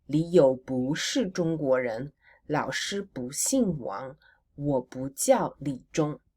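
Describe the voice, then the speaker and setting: Woman language teacher, deep-pitched, slow and patient, drills words and answers her own prompts. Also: animated, mellow, slightly rough. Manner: models words slowly for repetition, asks questions and answers them herself. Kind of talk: recorded language lesson.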